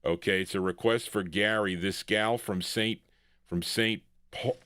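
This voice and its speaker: A man's voice: fairly low pitch, fairly even intonation, a little slow, pushed and bright, clear, resonant tone, dry recording, studio quality. An older man hosting a vintage record show, chatting casually and rambling with self-corrections. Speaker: radio show host. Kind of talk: casual DJ chat.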